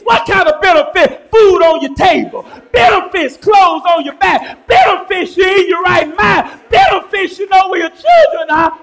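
A man preaching a sermon in a church, swinging from shouted lines to low, quiet ones. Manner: chanting, rising to shouts then dropping low. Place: church sanctuary.

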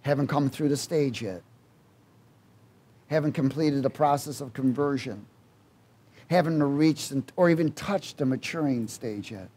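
A man preaching a sermon, quizzing the congregation and swinging between loud exhortation and quiet asides. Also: mid-range voice, a little slow, long pauses, breathy edge.

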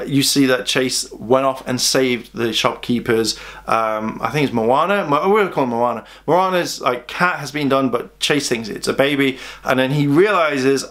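A man's voice: medium pitch, a bit bright. A young British man, a fan reviewer, recapping episodes in a casual, chatty way. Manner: chatty, acts out characters' lines in quick put-on voices.

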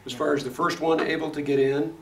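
Midwestern man, Bible study teacher, fairly high voice, echoey room, heard from a distance, faint background noise. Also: fast. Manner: lively, asks the class questions, laughs often. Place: classroom. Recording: echoey classroom from far off, noisy.

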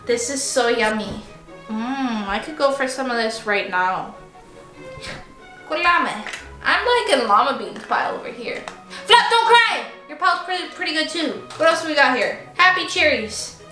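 A woman with a high, bright voice gushes excitably while unboxing toys and chatting to her stuffed animals. Her voice rings around an echoey room, with faint music playing underneath. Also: moderate pace. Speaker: toy unboxing vlogger. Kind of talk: casual unboxing chat.

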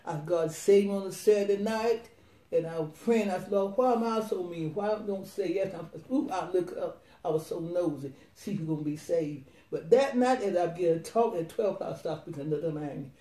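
A woman in her nineties, an evangelist, telling her testimony in a rambling, excited, laughing way. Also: fairly low pitch, brisk, roomy sound, far from the mic. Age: 90s.

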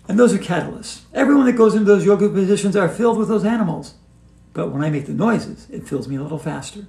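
A man teaching a playful yoga routine in a whimsical, gently encouraging way. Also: sits high, creaky. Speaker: yoga instructor. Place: hotel room. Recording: roomy echo.

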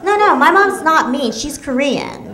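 High-voiced woman doing stand-up. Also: animated, unhurried, heavy background noise. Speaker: stand-up comedian. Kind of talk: stand-up comedy set. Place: comedy club stage. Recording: roomy club with audience laughter. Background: audience laughter.

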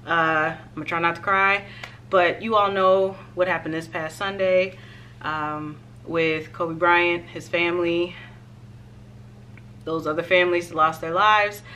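A woman fashion vlogger chatting casually to her viewers in a try-on haul, expressive and direct. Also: lowish voice, a little slow, slight background noise.

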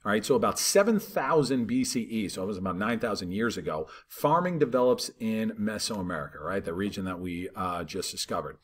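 A man teaching a history lesson in a relaxed, conversational way, talking over maps and checking in with "right?" and "all right". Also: lowish voice, a little fast, few pauses, slightly rough.

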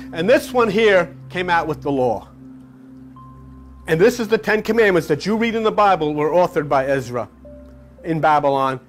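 High-voiced man ranting with mocking fervor. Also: a bit bright. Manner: mocking, impassioned, sings and mimics others. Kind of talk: animated monologue.

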